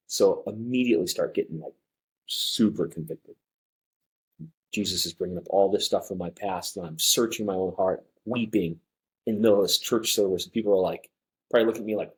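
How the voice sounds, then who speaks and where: A young man telling a story as a podcast guest, animated and full of fillers. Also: on the low side, fairly quick, breathy edge, poor audio. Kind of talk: casual storytelling.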